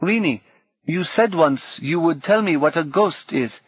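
A man's voice: a little high, animated, a little slow, breathy edge, dry recording, highs cut off, pitched above the performer's own voice. A man voicing an earnest, curious young man who asks careful questions.

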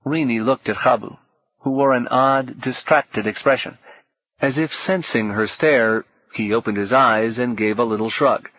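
Soft-spoken male audiobook narrator. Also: medium pitch, a little slow, dry recording, muffled recording. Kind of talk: scripted narration.

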